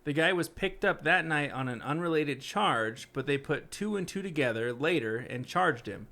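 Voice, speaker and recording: A man's voice: a little high, animated, moderate pace, bright, forceful tone. A man co-hosting a podcast, reading creepy stories aloud in a casual way and breaking off with blunt, joking reactions.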